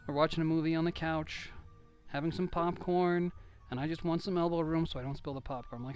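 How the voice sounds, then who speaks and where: A man's voice: fairly high pitch, fairly even intonation, brisk, a little mellow, lo-fi sound. A young man giving casual, rambling, joking commentary over a game playthrough. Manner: rambling, joking, self-deprecating. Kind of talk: casual let's-play commentary. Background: video game music.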